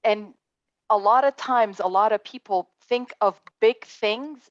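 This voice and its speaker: A woman's voice: mid-range voice, measured pace, no echo, muffled recording. A woman on a panel talking in an earnest, motivational way, often restarting her sentences. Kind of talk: panel discussion.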